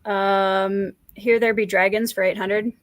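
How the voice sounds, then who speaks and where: A woman playing as a quiz contestant, giving brief, unhurried answers. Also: mid-range voice, flat delivery.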